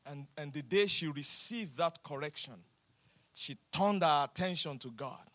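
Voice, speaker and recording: A man preaching a sermon as pastor, repeating phrases for emphasis and swinging between loud declarations and hushed lines. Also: a little high, measured pace.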